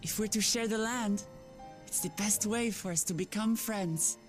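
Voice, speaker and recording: An actress playing a brave, earnest young woman leader in a video game, speaking warmly. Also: medium pitch, normal speed, faint music behind, lightly acted.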